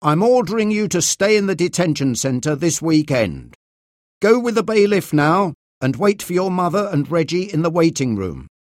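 A man's voice: on the high side, very animated, normal speed, no echo, clean studio sound, pitched above the performer's own voice. A man voicing a stern, protective male judge in a storybook reading, speaking firmly and with authority. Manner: firm, commanding.

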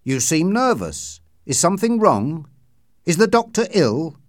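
A man voicing a stern Victorian gentleman lawyer. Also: fairly high pitch, sing-song, unhurried, no echo, studio quality, pitched above the performer's own voice. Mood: concerned. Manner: formal, questioning, grows alarmed.

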